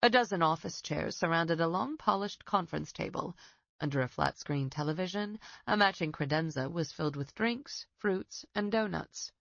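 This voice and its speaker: A woman narrating a suspense audiobook in a steady, even reading. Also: fairly low pitch, normal speed, creaky, no room sound, highs cut off. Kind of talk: scripted narration.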